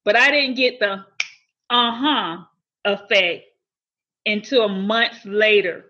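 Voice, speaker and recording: A woman giving an emotional personal testimony, earnest and halting, often repeating her words. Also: mid-range voice, highs cut off. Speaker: guest sharing testimony.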